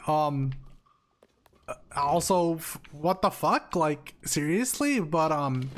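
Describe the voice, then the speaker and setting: A man's voice: on the high side, expressive, takes it slowly. A young man streaming, telling a story while gaming, heated and swearing freely with frequent restarts.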